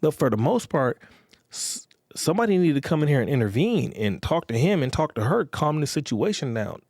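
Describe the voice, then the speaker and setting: A podcast host delivers a casual, rambling, profane monologue in a slightly high, very animated voice that is fairly quick and darkish in tone. He keeps checking in with listeners, repeating "you get what I'm saying." The recording is studio quality with no echo.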